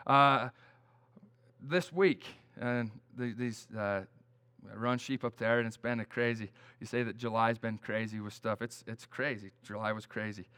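A man's voice: mid-range voice, fairly even intonation, moderate pace, bright, forceful tone. A middle-aged man preaching a conversational sermon, plain-spoken and folksy, telling stories with frequent restarts.

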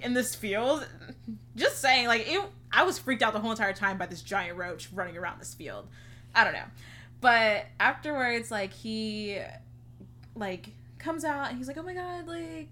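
A young woman co-hosting a podcast tells a long story in casual chat, her voice a little high, bright, and forceful. She says "like" constantly and acts out what people said, with a little hiss or hum on the recording.

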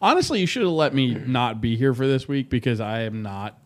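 A man's voice: mid-range voice, animated, fairly quick. A young man co-hosting a casual podcast, blunt and sarcastic, swearing often. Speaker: podcast co-host. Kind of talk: casual chat.

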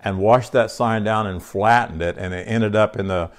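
A man's voice: on the low side, normal speed. A man preaches to his congregation in a folksy, conversational way. He reads scripture aloud and keeps turning to the room with questions. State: short on sleep. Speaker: pastor. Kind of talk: sermon.

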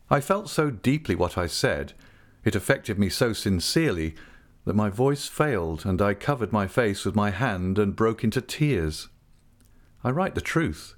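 A man reading a classic novel aloud in an expressive, heartfelt first-person audiobook style. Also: lowish voice, unhurried. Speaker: audiobook narrator.

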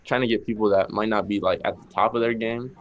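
A young man with a Boston accent, a musician talking casually in an interview, relaxed, with lots of "like" fillers. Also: fairly low pitch, quick pace, lo-fi sound. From Massachusetts. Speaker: musician guest.

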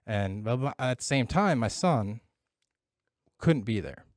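A man's voice: medium pitch, animated, unhurried, dry recording, clean studio sound. A middle-aged man talking candidly and with a lot of swearing in a casual podcast chat, reflecting on parenting and loss.

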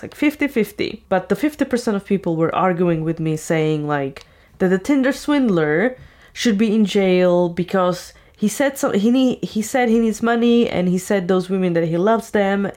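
A woman's voice: medium pitch, a little mellow. A woman giving casual, opinionated commentary as a vlogger. She rambles and fills her talk with "like" and "you know", and she is blunt and argumentative.

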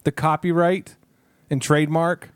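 Rambling, jokey man with a higher voice. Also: little pitch movement, unhurried, smooth, no echo. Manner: rambling, jokey, trails off and restarts. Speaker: podcast co-host. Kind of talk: casual podcast banter.

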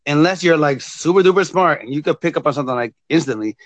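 A man hosting his podcast in casual chat, relaxed and rambling, chuckling as he talks. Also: on the high side, quick pace, dry recording. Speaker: podcast host.

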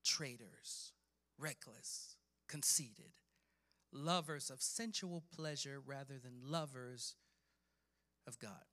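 A man preaching a sermon, reading scripture with dramatic emphasis and building from quiet passages to shouting. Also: medium pitch, slow pace. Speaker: pastor.

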